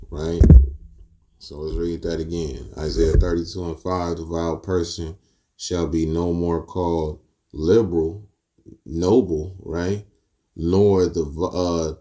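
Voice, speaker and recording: A preacher teaches scripture in a casual street style, mixing verses with profane stories. When outraged, his voice rises loud and high.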